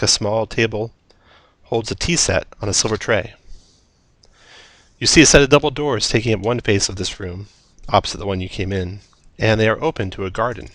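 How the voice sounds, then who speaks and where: A man's voice: fairly low pitch, brisk, a bit bright, no echo. A man running a tabletop game as dungeon master, narrating scenes descriptively with occasional fillers.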